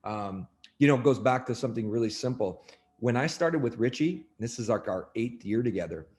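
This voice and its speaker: A man, a coach, chats on a podcast in a mid-pitched voice. He tells lively stories, stops and restarts a lot, and packs his speech with fillers. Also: a little fast. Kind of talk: podcast conversation.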